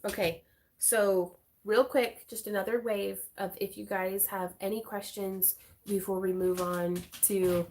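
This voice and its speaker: A woman's voice: medium pitch, level tone, a little slow, darkish tone, a little hiss or hum. A woman hosting a craft livestream from home, chatting casually with bubbly energy, laughing often and using plenty of fillers. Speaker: craft channel host.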